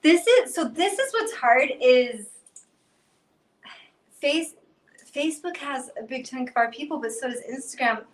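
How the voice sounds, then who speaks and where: A woman's voice: high-pitched, expressive, a little slow, long pauses, low-quality recording. A woman cookbook author chatting casually on a livestream from home, bubbly and self-mocking. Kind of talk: casual live-stream chat. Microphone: computer, then AirPods.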